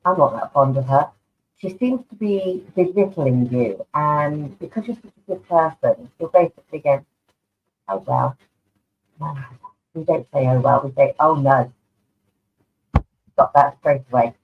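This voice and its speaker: During a live online session, a woman with a low, animated voice reads tarot cards for viewers at a normal pace, chatty and affectionate, calling people darling. Her voice sounds narrow and tinny, like a phone line, over an online video stream with slight background noise.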